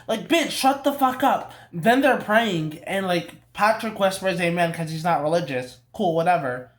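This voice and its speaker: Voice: medium pitch, moderate pace. Young reviewer venting about a film: mid-range voice, loose and profane, keeps restarting sentences. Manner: profane, exasperated, rambling with restarts. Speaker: movie reviewer. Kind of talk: casual ranting film review.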